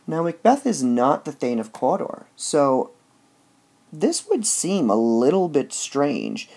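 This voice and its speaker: A man's voice: fairly high pitch, huge pitch swings, slow pace, creaky, darkish tone. A man giving a casual lecture that reviews a play, explaining step by step and often saying "all right". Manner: explains step by step with filler words.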